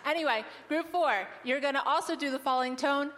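High-voiced cheerful woman teaching a crowd. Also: a little fast, fairly bright tone. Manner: cheerful, teacherly, laughs often. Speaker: missionary presenter. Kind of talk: leading an audience exercise. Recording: long hall reverb.

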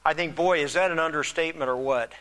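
A man preaching a sermon in an earnest, reflective way, often restarting his words and growing louder for emphasis. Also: a little high, fast, low-quality recording. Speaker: pastor.

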